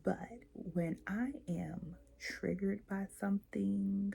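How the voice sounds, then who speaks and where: A woman hosting a self-help talk, speaking slowly with a gravelly, slightly husky tone. Her voice is darker and mellow, and she coaches her listeners, acts out short example exchanges and asks them questions. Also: mid-range voice, steady tone. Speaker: host and coach. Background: quiet, late at night.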